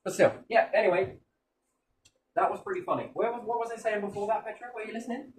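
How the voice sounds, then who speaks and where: A man's voice: high-pitched, fast talker, recorded from a distance, a little hiss or hum. A man chatting casually and animatedly, jumping between topics and swearing freely. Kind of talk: rambling casual chat.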